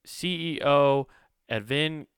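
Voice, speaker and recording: A man's voice: a little high, slow, fairly bright tone, clean tone, no room sound, clean studio sound. A man hosting a casual podcast, rambling through a profane, sarcastic comedic rant.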